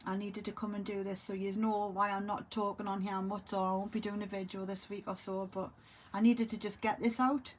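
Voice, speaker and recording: A grieving, tearful woman talks to camera in a halting way, often trailing off and repeating herself. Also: medium pitch, level tone, a little hiss or hum. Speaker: vlogger. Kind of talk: emotional monologue to camera.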